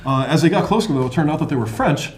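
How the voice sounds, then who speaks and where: Fast-talking American man telling stories. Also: on the high side, animated, echoey room, a little hiss or hum. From United States. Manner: storytelling, playful, laughs easily. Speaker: podcast co-host. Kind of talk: casual chat.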